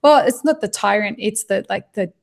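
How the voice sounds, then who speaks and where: A woman's voice: medium pitch, normal speed, gravelly, a little mellow. A woman in a casual podcast conversation, talking with passion, often restarting her sentences and swearing freely. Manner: impassioned, frequent restarts and swearing.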